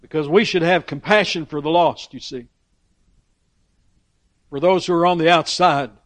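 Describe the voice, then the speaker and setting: A man preaching a sermon, emphatic, swinging between loud and quiet, often restarting his phrases. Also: fairly high pitch, fairly even intonation, moderate pace, dry recording.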